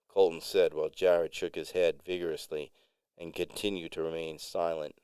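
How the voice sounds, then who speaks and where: Male storyteller, measured narration, low pitch, dry booth-like sound. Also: flat delivery, warm tone, smooth, no echo. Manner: measured, unhurried.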